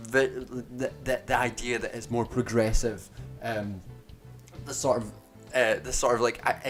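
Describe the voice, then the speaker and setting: Sardonic man ranting on stream. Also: mid-range voice. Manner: sardonic, profane, halting with many restarts. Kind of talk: casual rambling stream chat.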